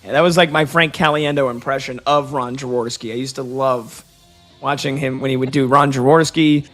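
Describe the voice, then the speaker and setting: A man's voice: mid-range voice, fairly even intonation, moderate pace, a bit bright, faint music behind. A man hosting a sports radio show, chatty and joking with his crew. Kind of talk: casual sports talk.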